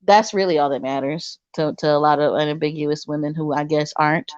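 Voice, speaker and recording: A woman co-hosting a casual livestream chat, animated and laughing often, trailing off and restarting her sentences. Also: deep voice, fairly quick, clean tone, no echo. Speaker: co-host. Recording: dull lo-fi sound.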